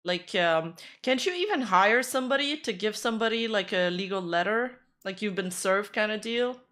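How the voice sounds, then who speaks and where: Bright-voiced woman streamer. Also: medium pitch, expressive, normal speed. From Quebec, Canada. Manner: chatty, rambling, frequent "like" fillers. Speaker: streamer reacting to clips. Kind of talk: casual reaction chat.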